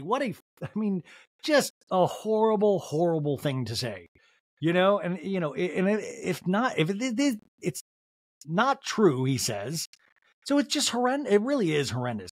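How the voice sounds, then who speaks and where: A man's voice: sits high, sing-song, normal speed, breathy edge, no echo, studio quality. A man hosting a comedic solo TV recap podcast, talking with sarcastic, joking asides. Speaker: podcast host.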